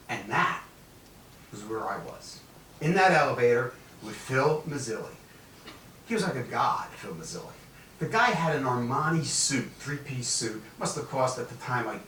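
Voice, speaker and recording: A man in his seventies giving an animated, jokey storytelling keynote speech as guest speaker in a large conference hall. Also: medium pitch, a little hiss or hum. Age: 70s. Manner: animated, jokey, acts out quoted voices. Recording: echoey hall, voice from far off.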